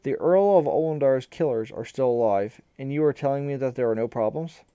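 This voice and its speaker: A man voicing a furious, arrogant male ambassador in a storybook reading, speaking loudly and angrily. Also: mid-range voice, a little fast, smooth, no echo, muffled recording, pitched above the performer's own voice, lightly acted. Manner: loud, angry, commanding.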